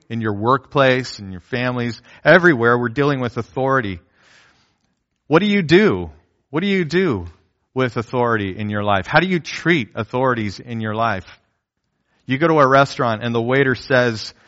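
A man's voice: mid-range voice, fairly bright tone, highs cut off. A middle-aged man preaching a sermon, telling a story about his toddler granddaughter and acting out the voices of the people in it. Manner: storytelling, acts out quoted voices. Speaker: pastor.

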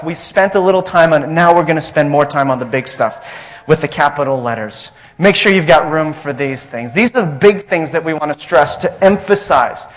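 A man's voice: a little high, fairly bright tone, lo-fi sound. A man preaching a sermon as pastor, emphatic and repetitive, asking the congregation questions.

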